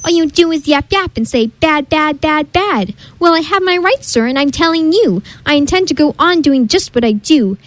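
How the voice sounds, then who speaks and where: A woman's voice: sits high, animated, moderate pace, few pauses, dry recording, voice pushed up, rough recording. Woman reading a brash greedy factory boss. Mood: defiant. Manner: brash, insistent. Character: greedy, defiant male factory owner. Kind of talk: storybook read-aloud.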